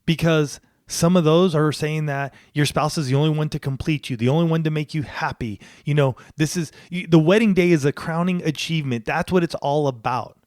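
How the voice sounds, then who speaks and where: A man's voice: a little high, brisk, hardly any pauses, a little mellow, no room sound, clean studio sound. A middle-aged man co-hosting a talk podcast, speaking earnestly and emphatically, often repeating words. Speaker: podcast co-host. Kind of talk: casual chat.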